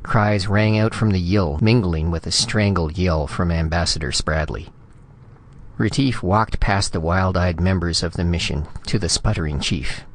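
A man narrating a science fiction story in a steady, measured reading. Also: low-pitched. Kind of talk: scripted audiobook narration.

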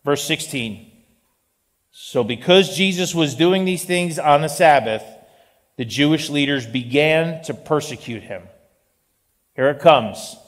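A male pastor preaching a sermon in an animated style, with joking asides. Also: a little high, slow pace, pauses often. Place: church sanctuary. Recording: long reverb of a large hall.

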